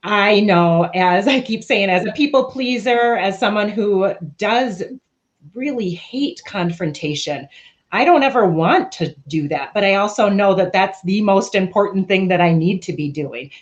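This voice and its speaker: A woman's voice: mid-range voice, lively intonation, measured pace, lo-fi sound. A woman speaking as a panelist, candid and questioning, often checking in with "right?". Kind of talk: reflective panel discussion.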